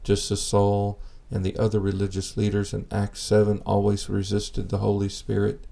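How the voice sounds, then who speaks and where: A man preaching a sermon in an earnest, measured way, asking rhetorical questions. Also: lowish voice, vocal fry, warm tone.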